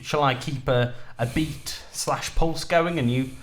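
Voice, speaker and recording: A man co-hosting a podcast about teaching music, talking in an animated, playful way. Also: medium pitch, unhurried, slight background noise. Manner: animated, playful, lively delivery. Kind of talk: casual chat.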